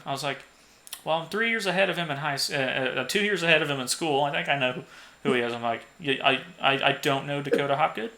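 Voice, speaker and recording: A man's voice: a little high, moderate pace, long pauses, pushed and bright. A young man co-hosting a podcast, telling a work story casually, swearing and laughing as he acts out what people said. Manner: swears freely, laughs at own stories, acts out quoted lines. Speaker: podcast co-host.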